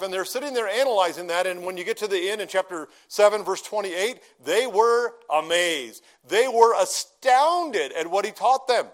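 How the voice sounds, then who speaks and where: A middle-aged pastor with a high voice delivers a sermon in a relaxed, conversational teaching style. He puts questions to the congregation and draws out key phrases slowly for emphasis. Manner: slows down to stress key phrases.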